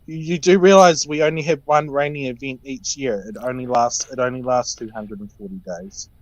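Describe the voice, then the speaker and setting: A man's voice: mid-range voice, moderate pace, no echo, highs cut off. A man joking and teasing in a casual livestream chat.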